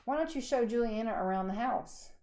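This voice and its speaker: A woman's voice: fairly high pitch, brisk, mellow, reverberant, natural voice. A woman voicing a sugary, doting mother in a storybook reading, sweet and cooing.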